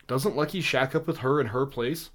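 A man's voice: mid-range voice, normal speed, a bit bright. A man co-hosting a podcast in casual chat who is losing his voice, often hesitant and wry. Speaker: podcast co-host.

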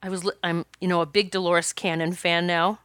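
Bright, crisp-voiced woman podcaster. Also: lowish voice, brisk, no echo. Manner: animated, chatty, talks straight to listeners. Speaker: podcast host. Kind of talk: personal storytelling monologue.

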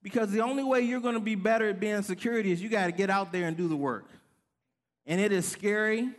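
A man preaches with a high, light voice. He tells his story with lively energy, acting out the other voices as he goes. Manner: animated storytelling, acts out voices. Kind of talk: sermon with storytelling.

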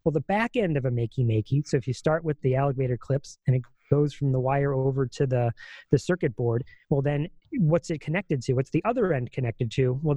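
A podcast co-host with a fairly high, mellow voice and no echo explains things at length. His delivery is casual and rambling, full of fillers and restarts.

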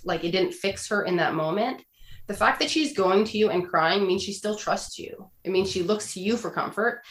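A woman counselor giving relationship advice in a casual podcast conversation, earnest and explanatory, often acting out the phrases she quotes. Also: on the low side. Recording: roomy echo.

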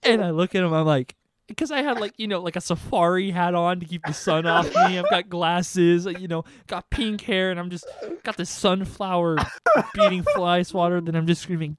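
A young man telling a comedic story on a podcast, animated and profane, acting out sounds and quotes. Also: sits high, moderate pace, dry recording, studio quality.

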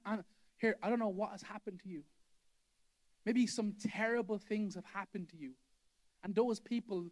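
High-voiced man preaching emphatically. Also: darkish tone. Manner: emphatic, repeats key phrases for effect. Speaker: pastor. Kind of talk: sermon. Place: church hall.

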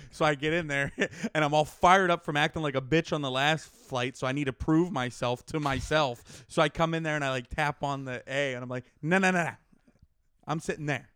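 A young man with a smooth, clear mid-pitched voice tells a story in casual chat and acts out the other people in it. The sound is dry and close. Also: a bit bright, no echo. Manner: tells stories, acting out both sides. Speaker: podcast co-host.

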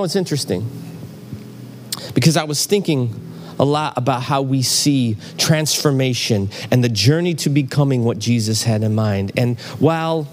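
A man's voice: mid-range voice, darkish tone, a little hiss or hum. A man preaching a sermon in a church, telling a story and acting out the voices in it. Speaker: pastor. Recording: church hall reverb, faint ambience.

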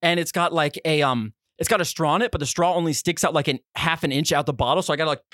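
A man co-hosting a podcast, telling a story in a casual way, acting out the quotes with sudden high yelps. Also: quick pace, a bit bright, dry recording, studio quality. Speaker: podcast co-host.

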